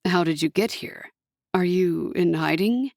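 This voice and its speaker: A woman voicing a mischievous, earnest young male angel in an audiobook, dropping her voice lower and coaxing. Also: a little slow, vocal fry, a little mellow, no echo, studio quality.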